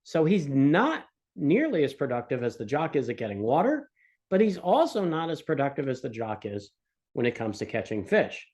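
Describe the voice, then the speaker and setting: A man's voice: mid-range voice, very animated, moderate pace, a little mellow. A man teaching economics in a recorded lecture, explaining with a casual, joking storytelling manner. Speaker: economics instructor.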